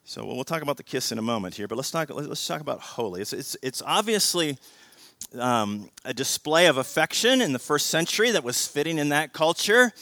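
Animated pastor with a bright, forceful voice. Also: male voice, fairly high pitch, a little fast, dry recording. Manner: animated, swings between loud emphasis and quiet intensity, repeats words, asks "right?". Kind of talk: sermon.

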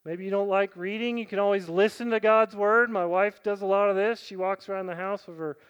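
A middle-aged male pastor preaching in a church, his voice pitched high and his tone smooth and resonant. He moves from loud, emphatic questions to quiet asides, and often checks in with the congregation with a casual "right?". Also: steady tone, brisk, muffled recording. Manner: conversational, often adding "right?". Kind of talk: sermon. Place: church sanctuary.

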